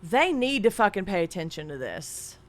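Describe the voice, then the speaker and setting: A woman's voice: medium pitch, big pitch swings, moderate pace. A woman streamer chatting casually and candidly into a desk microphone at home, rambling and swearing freely. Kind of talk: casual live-stream chat.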